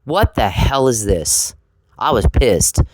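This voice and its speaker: A woman's voice: rumbling low, very animated, slow pace, a little mellow, no echo, low-quality recording. A woman ranting straight at an adversary in a confrontational, sarcastic, profane way, often repeating herself. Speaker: vlogger addressing an adversary. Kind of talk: angry direct-to-camera rant.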